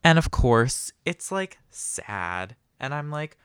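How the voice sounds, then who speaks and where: A man's voice: medium pitch, big pitch swings, slow pace, a bit bright, smooth, no echo, studio quality. Rambling young man on a podcast. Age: young adult. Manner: rambling and self-deprecating, many fillers. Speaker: podcast host. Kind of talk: casual solo podcast monologue.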